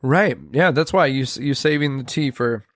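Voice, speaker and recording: A man's voice: medium pitch, moderate pace, no echo, clean studio sound. An American man hosting a podcast, teasing his guest playfully and laughing often. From United States. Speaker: podcast host, magician. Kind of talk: casual podcast chat.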